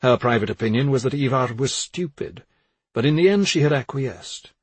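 A man narrating a thriller in a measured, subdued reading. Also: mid-range voice, expressive, slightly rough, no room sound. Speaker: audiobook narrator.

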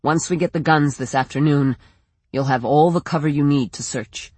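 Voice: mid-range voice, moderate pace, a little mellow, slightly rough, no room sound, lightly acted. The narrator voicing a father who leads a group, speaking firmly and with command. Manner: firm, commanding.

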